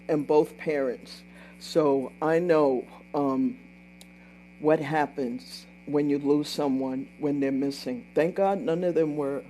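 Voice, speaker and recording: A woman's voice: deep voice, mellow, a little hiss or hum. An older woman hosting a casual livestream, telling a story in a chatty way, repeating herself and breaking off to thank and answer viewers. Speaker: livestream host.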